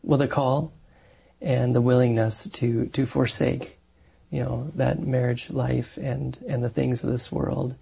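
A man's voice: mid-range voice, little pitch movement, a little slow, gravelly, warm tone, slightly rough. A man who is a married Catholic parish priest, answering interview questions in an earnest, thoughtful way with many fillers and restarts.

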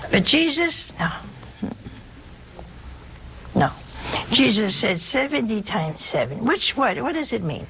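A woman's voice: a little high, takes it slowly, vocal fry, long pauses, background noise. A woman preaching a sermon, telling stories with humor and asking her listeners direct questions. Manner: animated, humorous storytelling.

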